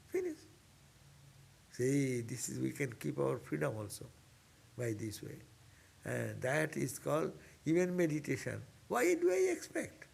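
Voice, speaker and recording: A higher-pitched man with a gravelly, husky voice teaching a spiritual class. He speaks earnestly and repeats his main points, his pitch leaping up in sudden bursts as he urges his listeners on. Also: a little mellow. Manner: earnest, repetitive, exhorting, with sudden upward bursts. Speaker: monk teaching a scripture class. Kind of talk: informal spiritual class lecture.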